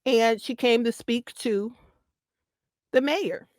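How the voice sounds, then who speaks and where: A woman talks through her views as a guest on a talk show, pressing each point by saying it again and breaking into easy laughter. Her voice sits a little high. The sound is dry and close, with no room around it. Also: slow, darkish tone, dry recording. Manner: emphatic, repeats points, laughs easily. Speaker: podcast guest. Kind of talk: casual commentary chat.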